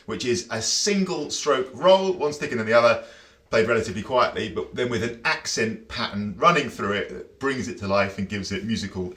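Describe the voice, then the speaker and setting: A drum teacher with a medium-pitched, fairly bright voice gives a casual, chatty lesson, counting and scatting rhythms out loud. The recording has a roomy echo.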